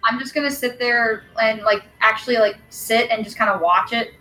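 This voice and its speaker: A woman's voice: a little high, steady tone, normal speed, sharp tone, faint music behind, rough recording. A woman player describing her character's actions in a tabletop game, in a playful manner. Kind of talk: tabletop role-play, playing a dog.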